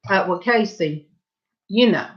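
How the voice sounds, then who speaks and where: Slow-talking older Southern woman rambling. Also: mid-range voice. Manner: rambling, folksy, breaks off to answer chat. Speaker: host of a painting livestream. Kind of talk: casual chat with live viewers. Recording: dull lo-fi livestream audio.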